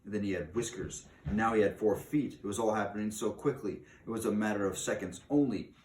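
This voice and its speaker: A man reading a children's book aloud with steady, dramatic storytelling. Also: lowish voice, fairly quick, slight background noise. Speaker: reader. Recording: roomy, distant mic.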